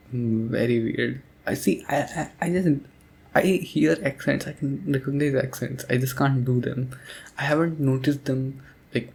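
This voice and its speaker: A young man rambling sleepily about a game as a sleep aid, soft-spoken and hesitant, with many pauses and fillers. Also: mid-range voice, gravelly. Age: young adult. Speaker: audio creator.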